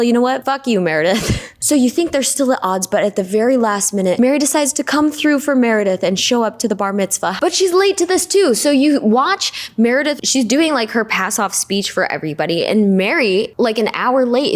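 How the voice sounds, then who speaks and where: A woman hosting a casual recap, dramatic and sarcastic, with swearing. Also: fairly high pitch. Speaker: host.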